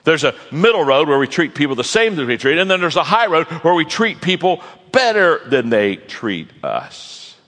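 A man's voice: on the high side, big pitch swings, normal speed, few pauses, a bit bright. A man preaching a sermon in a folksy, joking storytelling manner to a large audience. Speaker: pastor, guest speaker. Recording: long reverb of a large hall.

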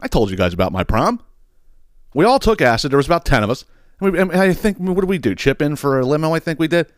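A man's voice: fairly high pitch, big pitch swings, quick pace, dry recording, studio quality. A man hosting a podcast, ranting in a casual comedic way. He swears freely and laughs at his own stories. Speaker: podcast host.

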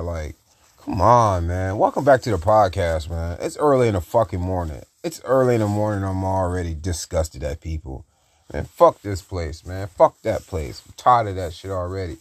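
Young male podcaster, deep voice, profane solo rant, dry close mic. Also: darkish tone, dry recording. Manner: profane, venting, repetitive. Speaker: podcast host.

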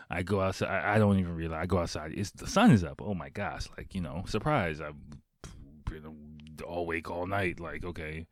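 A man's voice: sits low, normal speed, no echo, studio quality. A man hosting a podcast, casually telling a rambling, profane story and laughing often. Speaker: podcast host.

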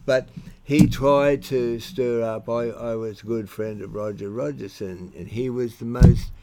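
A man's voice: medium pitch, steady tone, unhurried, noisy background. An older Australian man telling blunt, colloquial stories about his old security and police work in a rambling way, often restarting his sentences. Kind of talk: rambling spoken reminiscence.

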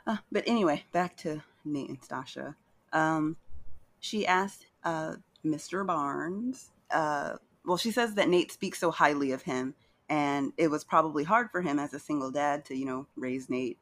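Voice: medium pitch, a little slow, a bit bright. A podcast co-host giving a chatty, casual recap of a reality show, with playful asides and acted-out quotes.

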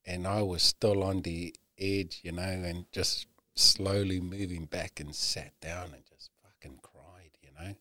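A middle-aged man, a podcast guest, candidly telling a personal story, swearing often and halting with many "you know"s. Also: low-pitched, fairly even intonation, pushed and bright, dry recording.

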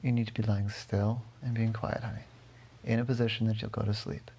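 A man telling his daughter an improvised bedtime story, gentle and rambling, often correcting himself. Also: fairly low pitch, flat delivery, brisk, creaky, a little hiss or hum.

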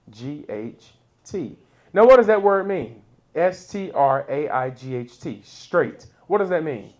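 Preacher guy, slow and lively, laughs a lot and gets loud on the big lines. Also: a little high. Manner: expressive, laughs between points, rises to loud peaks. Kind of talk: sermon.

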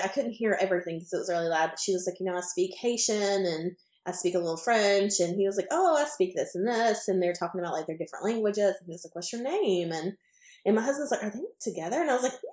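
A woman's voice: mid-range voice, quick pace, roomy sound. A woman podcast co-host telling a casual anecdote, rambling with lots of fillers as she acts out what people said. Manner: rambling, filler-heavy, animated retelling.

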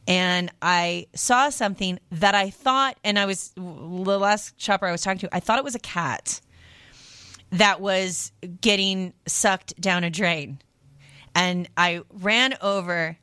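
A woman hosting a radio shopping show, chatting casually and animatedly, reacting with loud disgust and telling stories. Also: medium pitch, smooth, dry recording, clean studio sound. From lived in New York.

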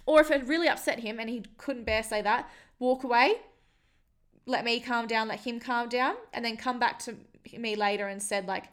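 A woman's voice: a little high, fairly quick, fairly bright tone. Frank young woman talking casually. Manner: frank and casual, swears freely, many fillers. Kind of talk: candid personal storytelling to camera.

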